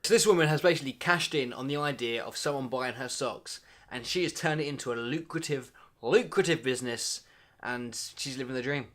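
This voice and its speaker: Joking young man talking to camera. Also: brisk. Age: 20s. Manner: playful, mock-dramatic, jumps between loud bursts and low asides. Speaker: vlogger. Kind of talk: comedic monologue to camera.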